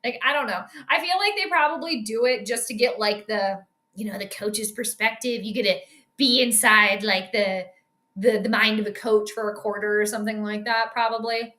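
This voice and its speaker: A woman's voice: mid-range voice, moderate pace, pushed and bright, roomy sound. A woman hosting a sports live stream, chatting casually and joking with a co-viewer as she comments on the game.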